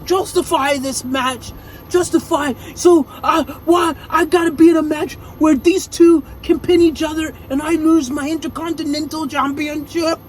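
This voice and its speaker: A video recapper voicing an irate male wrestling champion, shouting in a heavy, clipped Austrian-style accent. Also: high voice, measured pace, pitched above the performer's own voice, low-quality recording. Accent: Schwarzenegger-like Austrian.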